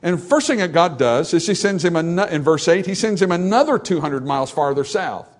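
A man preaching a sermon, animated and acting out the voices in the scripture passage, then dropping to softer, reflective tones. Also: on the high side, a little fast. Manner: animated, acts out dialogue from scripture. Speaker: pastor.

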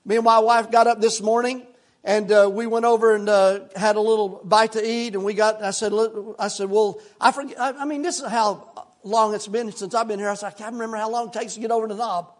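An older male pastor preaching a sermon in a repetitive, impassioned cadence that drops into hushed, folksy storytelling. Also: high voice, little pitch movement, fairly quick.

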